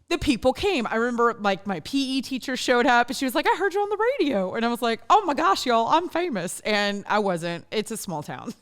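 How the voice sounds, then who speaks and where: This woman, a podcast host from northern Louisiana, has a Louisiana accent and a slightly high, fairly bright, clear and resonant voice. Hosting her own show in a studio, she delivers a casual monologue in a chatty, self-deprecating way, laughing often.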